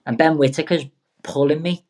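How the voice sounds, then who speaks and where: A man's voice: fairly high pitch, steady tone, moderate pace, darkish tone. A young man, a boxer guest telling rambling, sweary, jokey stories in a casual interview. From England.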